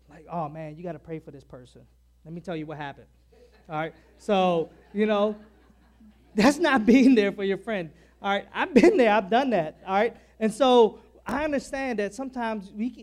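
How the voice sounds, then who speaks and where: A man preaching a sermon to a church in a chatty way, checking in with "all right?" after nearly every point. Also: sits high. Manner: conversational, repeats "all right?" often; loud and soft in turns, stressing key words.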